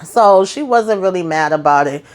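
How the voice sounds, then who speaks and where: A woman hosting a casual TV episode recap, animated and chatty, talking straight to her viewers. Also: on the low side, moderate pace. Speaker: TV recap host.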